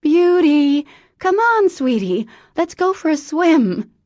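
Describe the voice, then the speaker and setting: A woman's voice: mid-range voice, measured pace, warm tone, dry recording, clean studio sound, voice pushed up. A woman playing a young mother who calls out frantically and comforts her child tenderly, in an audiobook. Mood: frantic. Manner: pleading, edged with hysteria.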